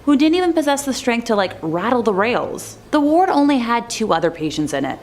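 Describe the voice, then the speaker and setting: A woman's voice: a little high, big pitch swings, a little fast, a little mellow. A woman narrating scary stories in a chatty, scripted way with wry asides.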